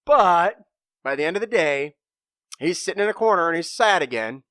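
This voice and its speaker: A man hosting a motivational podcast, telling a parable in an animated way and acting out the characters. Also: a little high, quick pace, dry recording, studio quality. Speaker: podcast host and speaker. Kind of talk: storytelling motivational talk.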